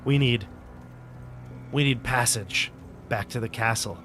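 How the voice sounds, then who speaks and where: A man voicing a gruff old male monster hunter who asks for help in a tabletop game. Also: medium pitch, measured pace, a bit bright, soft background music, lightly acted. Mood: pleading.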